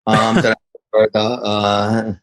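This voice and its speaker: A man's voice: fairly low pitch, monotone, slow pace, a bit bright. A middle-aged man from New Jersey with a New Jersey accent, an actor guest telling stories with enthusiasm and frequent restarts. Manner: enthusiastic storyteller, many restarts. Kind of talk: casual interview answers.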